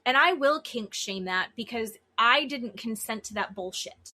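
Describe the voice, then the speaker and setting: A woman's voice: fairly high pitch, unhurried. A woman co-hosting a podcast in casual chat, blunt, swearing freely and mimicking the people she talks about. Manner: animated, mimics people in quotes. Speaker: podcast co-host.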